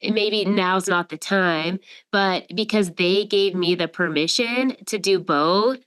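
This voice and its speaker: Smooth-voiced woman executive. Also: mid-range voice, slow, a bit bright. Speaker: CEO and former legal counsel. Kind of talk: casual chat.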